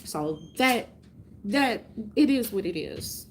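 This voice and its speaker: A woman's voice: a little high, lively intonation, takes it slowly, slight background noise. A woman ranting casually to her viewers, rambling and profane, often breaking into laughter. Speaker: vlogger.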